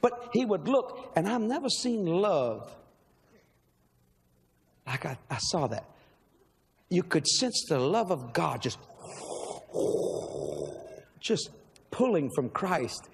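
A middle-aged man, a minister telling his story in an animated sermon, breaking into shouts. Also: sits high, slow pace, gravelly, long pauses. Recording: live hall reverb with faint crowd.

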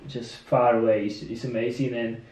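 A woman hosting a casual interview, speaking as a with halting phrasing and frequent giggles. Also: very deep voice, steady tone, warm tone. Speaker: podcast host. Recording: echoey room from far off.

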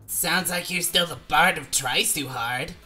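A woman voicing a brash, sharp-tongued female troll with a dry, mocking delivery. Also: sits low, measured pace, soft background music.

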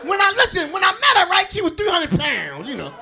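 A man with a Brooklyn, New York accent doing a stand-up comedy set, telling stories loudly and laughing along as he works the crowd on stage. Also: very high-pitched, huge pitch swings, fairly quick, vocal fry. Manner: loud, laughing, crowd-working storytelling. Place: comedy stage before a live audience. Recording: faint crowd noise in the room.

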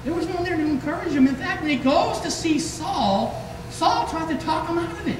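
A man's voice: very high voice, fairly quick. Man preaching in an echoey hall. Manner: lively storytelling, acting out quoted voices. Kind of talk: sermon. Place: church sanctuary. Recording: echoey hall from far off, noisy.

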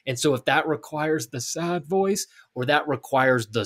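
A man's voice: a little high, unhurried, hardly any pauses, fairly bright tone. A middle-aged man on a podcast, laying out his point earnestly, step by step, in casual talk. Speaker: podcast co-host.

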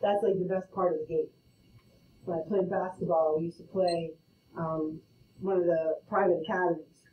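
A woman's voice: fairly low pitch, fairly even intonation, normal speed, slight background noise. Playful woman teaching in a roomy classroom. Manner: playful, storytelling, frequent "okay?" check-ins. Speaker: math teacher. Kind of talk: classroom lecture. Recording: roomy, distant, muffled classroom audio.

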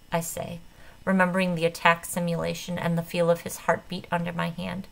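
A woman narrating a first-person audiobook with an expressive, dramatic delivery. Her voice sits on the lower side for a woman. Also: brisk, vocal fry, low-quality recording. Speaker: audiobook reader.

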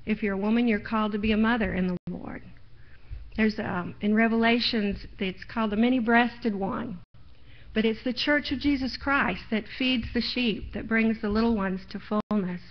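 Her voice fairly high and her speed normal, a middle-aged woman delivers a folksy church sermon. She draws on her personal testimony and drives points home with mounting force, captured in lo-fi live stream audio.

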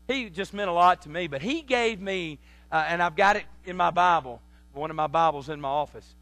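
A pastor preaches an animated sermon in a high, bright, cutting voice. He repeats words as he builds and leans on folksy family stories. The sound is close and dry, with a faint electrical hum underneath. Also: no echo. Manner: tells folksy family anecdotes. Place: church sanctuary.

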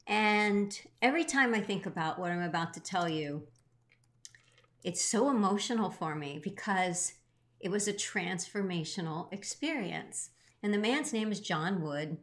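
Speaking with medium pitch and an animated but unhurried delivery, a middle-aged co-host shares a heartfelt story from her own life. Her earnestness shows in the emotional swings of her voice.

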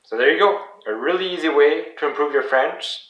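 Male language tutor, calm home lesson, slow patient repetitions, mic set back in an echoey room. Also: on the high side. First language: English. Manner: patient, repeats example words slowly. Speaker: French language teacher. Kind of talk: casual video lesson. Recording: roomy sound from a distant mic.

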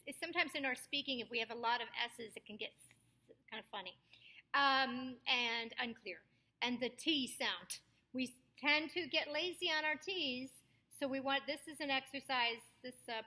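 A woman voice coach teaching a diction lesson, crisply over-articulating tongue twisters and projecting loudly on the demonstrations. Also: a little high. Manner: projects loudly on demonstrations, speaks softly between them. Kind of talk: voice workshop lesson.

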